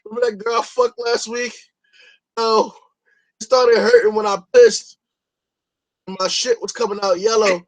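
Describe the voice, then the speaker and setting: A man's voice: high voice, little pitch movement, a little slow, long pauses, pitched above the performer's own voice, low-quality recording. A man putting on the voice of a crude young bro who brags to a friend about a bad night. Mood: bragging. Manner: boastful, crude.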